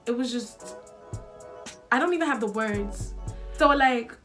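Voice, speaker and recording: A woman's voice: a little high, a little slow, fairly bright tone, soft background music. A young woman, telling a storytime vlog in casual, slangy talk full of likes and swearing. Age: young adult. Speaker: vlogger.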